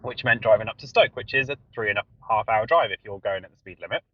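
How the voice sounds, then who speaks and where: A man's voice: fairly low pitch, fast talker, slightly rough, dull audio. A man co-hosting a casual podcast chat, telling stories animatedly with frequent laughs and swearing. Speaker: podcast co-host.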